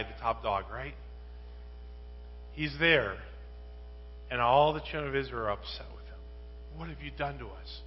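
A male pastor preaching a sermon, moving from quiet Bible reading to loud, rising rhetorical questions. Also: medium pitch. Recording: muffled, with long reverb and mains hum.

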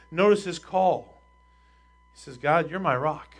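A man with a high voice preaching to his church. He reads scripture aloud and explains it, pressing harder as he reads the verses. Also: a little slow. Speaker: pastor. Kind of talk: sermon.

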